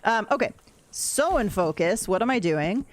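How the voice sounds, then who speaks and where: A young adult woman streaming a game, talking in a rambling, candid, soft-spoken way. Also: medium pitch, expressive, moderate pace. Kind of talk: casual livestream chat while gaming.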